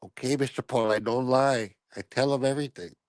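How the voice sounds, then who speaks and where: A man voicing a timid Colombian maid who talks in a high falsetto and broken English. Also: steady tone, brisk, no echo, close to an everyday voice. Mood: meek.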